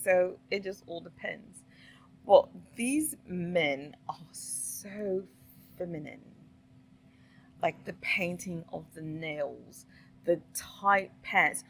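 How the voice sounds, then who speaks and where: A middle-aged woman talks through a reaction clip in a slow, deliberate way. Her voice sits a little low. She is opinionated and fond of rhetorical questions. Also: lively intonation, vocal fry, fairly bright tone, a little hiss or hum, low-quality recording. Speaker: commentary vlogger. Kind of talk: casual reaction commentary.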